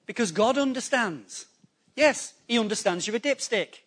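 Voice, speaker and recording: A man preaching a sermon to a congregation, animated and conversational, acting out people's excuses in quick quoted voices. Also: very high-pitched. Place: church hall before a congregation.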